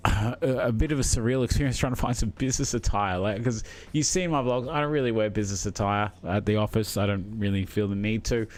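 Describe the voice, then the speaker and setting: A middle-aged Australian man chats on a live stream in a loose, easygoing way. He rambles, stops to chuckle, and fills pauses with plenty of ums and uhs. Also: fairly low pitch, darkish tone. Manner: rambling, with many fillers and chuckles. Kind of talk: casual live-stream chat.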